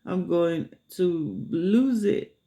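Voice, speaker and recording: A man's voice: fairly high pitch, lively intonation, slow pace, gravelly, dark tone, pitched above the performer's own voice, full character voice. A man voicing a fretful, easily agitated young woman, with exasperated, whiny outbursts in a raised voice.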